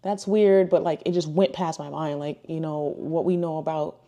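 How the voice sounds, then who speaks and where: A woman's voice: low voice, little pitch movement, normal speed, mellow. A woman in her thirties, a ministry speaker, sharing a personal testimony in a chatty way, with lots of "like" and "you know" and acted-out quotes.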